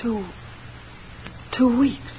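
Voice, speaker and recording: An actress playing a tense, emotional young wife in 1940s radio-drama style. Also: female voice, a little high, drawn-out words, a little hiss or hum. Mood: worried. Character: young wife, anxious and jealous. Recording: dull lo-fi old radio recording.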